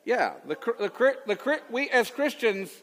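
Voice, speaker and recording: A man's voice: extremely high pitch, very animated, moderate pace, a bit bright, big-room sound. A man in his late fifties, a radio Bible teacher answering callers in a folksy, rambling way with restarts. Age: 50s. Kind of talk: call-in radio chat.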